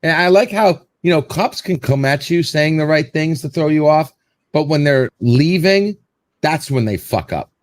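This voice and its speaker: A man's voice: on the high side, lively intonation, normal speed, no room sound. A man hosting a casual show, telling a story in a rambling way and acting out what people said. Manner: rambling storyteller, repeats words, acts out quotes. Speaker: show host.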